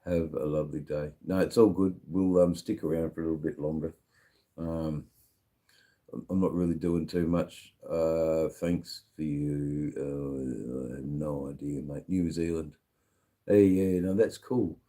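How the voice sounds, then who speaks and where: Drunk man hosting a live stream: a very low, dark, mellow voice, slurred and rambling. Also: steady tone, a little slow. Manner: rambling, slurred, with lots of fillers. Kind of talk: casual live-stream chat. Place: sitting at a bar.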